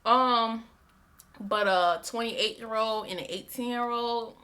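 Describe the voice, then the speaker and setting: Young woman vlogging books, super bright tone, rambly and repeats stuff. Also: on the high side, slow pace. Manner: chatty, repeats herself, many "like" fillers. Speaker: book vlogger. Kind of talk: casual chat.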